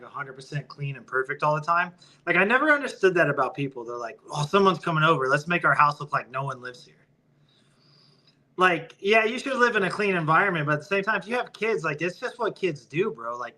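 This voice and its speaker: A man in his thirties talks casually as a podcast guest, with a very bright, sharp tone. His voice sits a little high for a man. He is laid-back and profane, sprinkling "bro" through his talk.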